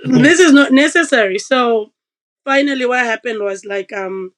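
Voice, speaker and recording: Lively woman telling a personal story. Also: fairly high pitch, moderate pace, rough recording. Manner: animated, acts out quoted voices. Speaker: podcast guest. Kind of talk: casual storytelling.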